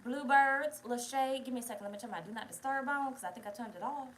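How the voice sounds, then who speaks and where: A woman's voice: a little high, rapid-fire, slight background noise, poor audio. Profane, chatty woman reading tarot. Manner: profane, chatty, digressive, emphatic with the audience. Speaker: tarot reader, channel host. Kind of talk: casual livestream chat.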